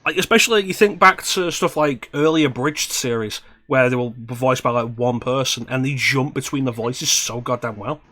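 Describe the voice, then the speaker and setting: A man's voice: mid-range voice, moderate pace, few pauses, bright, forceful tone, dry recording. A man co-hosting a casual stream, reading a script aloud and swearing freely while joking about his own attempts at accents. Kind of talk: casual chat.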